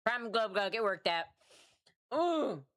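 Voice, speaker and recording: This artist streamer speaks slowly in a medium-pitched, very animated, fairly bright voice. While drawing live, she chats in a casual, rambling, self-mocking way, cursing freely and sounding tired.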